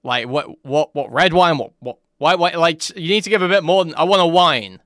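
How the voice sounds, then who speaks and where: A man's voice: on the high side, moderate pace, fairly bright tone, no echo, clean studio sound. A man hosting a casual commentary video, reacting to a clip with incredulous, mocking remarks and frequent laughs.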